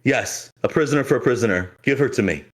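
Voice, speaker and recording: A man voicing a solemn male sorcerer who speaks gravely and apologetically. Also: medium pitch, animated, quick pace, pitched above the performer's own voice, natural voice.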